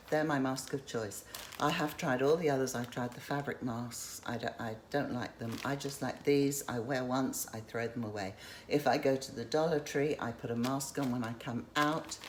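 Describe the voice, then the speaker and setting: Very low-voiced chatty woman. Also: a little hiss or hum. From England. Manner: chatty, rambling, self-interrupting. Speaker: vlogger. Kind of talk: casual show-and-tell vlog.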